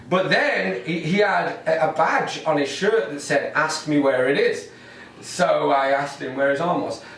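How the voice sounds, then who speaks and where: Performing to a camera in his living room, a middle-aged man with an English accent rambles through wry observational stand-up. His voice is on the high side, creaky, and fairly bright. The far-off camera mic gives an echoey, distant sound with a little hiss or hum.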